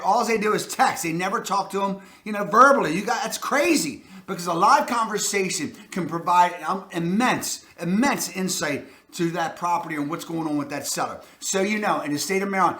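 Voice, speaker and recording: Baltimore guy hyping real estate tips, high bright voice, echoey room. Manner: emphatic and hyped, with catchphrases. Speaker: real estate agent host. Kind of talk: energetic advice talk to camera.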